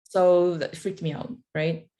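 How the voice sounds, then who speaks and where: A woman's voice: lowish voice, steady tone, measured pace, dark tone. A woman speaking on a webinar video call, telling stories in a casual, chatty way with many fillers. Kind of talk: casual storytelling in a motivational webinar.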